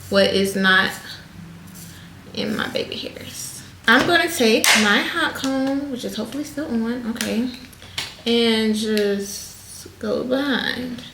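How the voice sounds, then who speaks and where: A woman's voice: on the high side, pushed and bright. Chatty woman giving a hair tutorial. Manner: chatty, addresses viewers as y'all. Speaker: hairstylist vlogger. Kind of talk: casual tutorial talk to camera. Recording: echoey room with faint noise.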